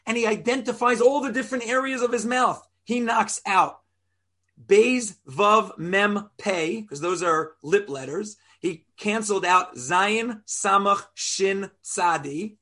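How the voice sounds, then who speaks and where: A man with a fairly high voice teaches a Torah lesson. He is animated, keeps asking his listeners rhetorical questions, and sounds out Hebrew letters aloud to show how they are made. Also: slow pace.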